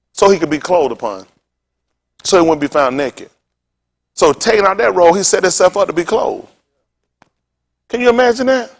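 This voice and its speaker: Lively animated male preacher. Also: medium pitch. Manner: animated preaching with call-and-response questions to the congregation; informal street talk in preaching. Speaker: pastor. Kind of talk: sermon.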